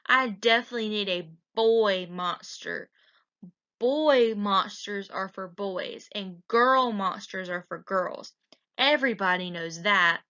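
A woman's voice: medium pitch, slow pace, bright, forceful tone. A woman voicing a polite but picky young boy as she reads a picture book aloud. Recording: dull lo-fi recording.

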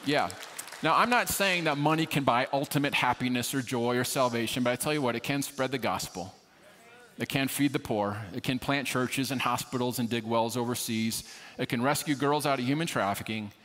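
Male pastor, brisk storytelling sermon, wry self-mocking humor, echo of a big hall. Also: mid-range voice, a bit bright. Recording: long reverb of a large hall.

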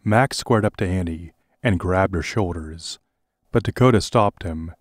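Man, deep voice, deadpan audiobook narration, dry recording. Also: unhurried, no room sound. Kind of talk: audiobook parody reading.

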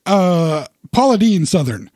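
A man in his thirties, co-hosting a podcast in casual chat, rambling and animated with self-deprecating humor. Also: high-pitched, unhurried, no room sound, clean studio sound. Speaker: podcast co-host.

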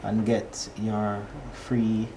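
A man hosting an online farming presentation, giving steady, clear instructions and repeating key questions. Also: lowish voice, very slow, a little hiss or hum, low-quality recording. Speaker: agronomy presenter and host.

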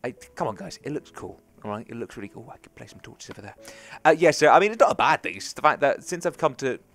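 A young English man with a mid-range, slightly bright voice talks fast and animatedly over his own gameplay. His casual let's play commentary is chatty and rambling, much of it muttered to himself.

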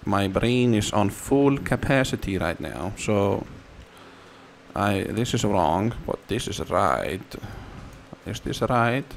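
A playful man talks through his game in an unhurried, easygoing way. He drifts into a sing-song tone and sometimes squeals single words far up in his voice. A faint hiss of noise sits behind him. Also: fairly low pitch, animated, gravelly. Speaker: gamer. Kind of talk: casual gameplay commentary.

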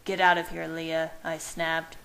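A woman playing an angry young vampire man in a fan-read story, snapping short, curt threats. The voice stays close to her own, slightly low and plain. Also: little pitch movement, a little slow, fairly bright tone, rough recording.

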